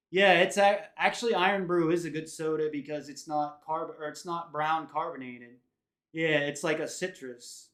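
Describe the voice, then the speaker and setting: A man's voice: fairly high pitch, a bit bright. An American man streaming, chatting casually with his viewers and drifting from one tangent to the next. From United States. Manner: rambling, tangent-prone. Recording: roomy echo.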